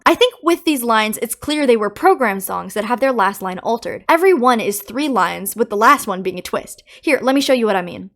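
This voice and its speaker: Woman YouTuber, casual commentary, playful and opinionated, lively pitch. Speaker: game theory YouTuber.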